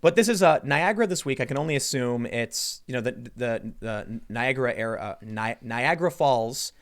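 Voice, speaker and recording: A man hosting a casual podcast chat, telling a story fast and acting out the voices in it. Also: mid-range voice. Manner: quick, animated storytelling, acting out quoted voices. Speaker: show host.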